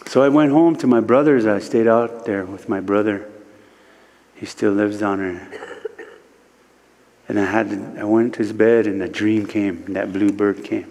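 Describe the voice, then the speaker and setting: A man from Standing Rock telling a spiritual vision story at a worship service in slow, short phrases, his voice rising sharply whenever he quotes someone. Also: fairly low pitch, steady tone, a little mellow. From Standing Rock, United States. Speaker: guest speaker, spiritual teacher. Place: church sanctuary. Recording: long reverb of a large hall.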